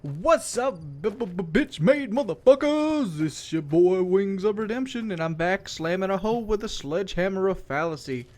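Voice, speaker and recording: A man's voice: sits high, expressive, normal speed, hardly any pauses, darkish tone. A young man giving a crude, joking video game commentary rant, breaking into mocking impressions. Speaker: gaming commentator.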